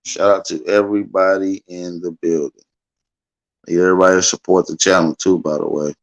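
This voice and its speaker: A man with a notably low, deep voice hosts a casual livestream. He talks loosely to his viewers, repeating himself and tacking "man" onto his lines. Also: little pitch movement, fairly quick, lo-fi sound. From United States. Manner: loose and repetitive, calling out to viewers with frequent "man". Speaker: livestream host.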